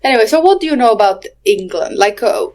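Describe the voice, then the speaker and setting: A woman's voice: on the high side, animated, fast talker, darkish tone. A woman co-hosting a podcast in casual chat, teasing and rambling with lots of fillers and laughter. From Albania. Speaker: podcast co-host. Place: lives in England, near Leicester.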